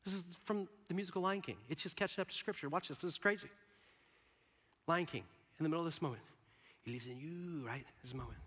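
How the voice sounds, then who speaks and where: High, bright-voiced preacher in a reverberant hall. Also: male voice, quick pace, slightly rough. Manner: animated, swings from hushed whispers to loud bursts, laughs often. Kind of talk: sermon. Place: large hall with a live audience.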